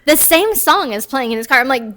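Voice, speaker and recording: A woman in her thirties co-hosts a podcast, casually recapping a movie in a high, brisk, bright voice with lively intonation and a forceful tone. She giggles and trails off mid-sentence.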